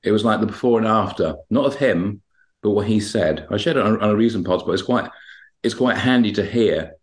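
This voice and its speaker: A man with a fairly low voice, talking as a hypnotherapist on a podcast. He rambles through anecdotes about his clients and slips into their voices and his own replies as he retells each session. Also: brisk. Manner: rambling, acts out dialogue when retelling sessions. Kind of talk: podcast interview, anecdotal storytelling.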